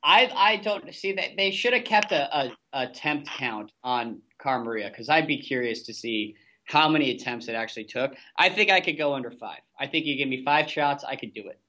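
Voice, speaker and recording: A man co-hosting a casual podcast, talking at an ordinary middle pitch. He rants loosely, swears constantly and pushes his opinions hard. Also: lively intonation, normal speed, hardly any pauses, pushed and bright. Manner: profane, ranting, heavy swearing. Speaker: podcast co-host. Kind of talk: casual recap chat.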